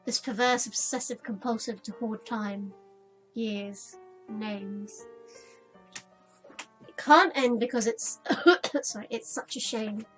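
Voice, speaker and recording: Woman, let's play gamer, dramatic read-aloud, husky voice, high-ish pitch. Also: rough recording. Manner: dramatic read-aloud of narration and journal entries. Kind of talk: reading a visual novel aloud with casual asides.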